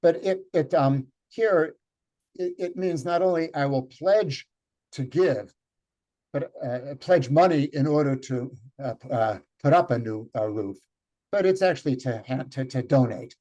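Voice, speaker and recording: A man runs a group reading over a video call. He speaks in a thoughtful, halting way and stops often to find the right word. His voice sits at an ordinary male pitch. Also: warm tone. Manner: thoughtful, halting, with many fillers. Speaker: Yiddish teacher leading a group reading. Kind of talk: online lecture and read-aloud.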